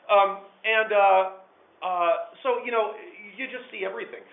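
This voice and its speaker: A man telling a true story to a small group of listeners, animated, swinging between hushed and loud. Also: sits high, normal speed, vocal fry. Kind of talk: live personal storytelling to listeners. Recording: echoey room over a tinny phone-like line.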